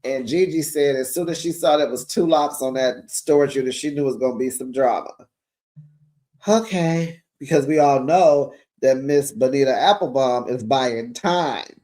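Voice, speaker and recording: A man's voice: medium pitch, moderate pace, dark tone. A man hosting a reality TV recap, telling the gossip in a sassy, chatty way and calling his viewers honey, child and besties. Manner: calls listeners honey and child.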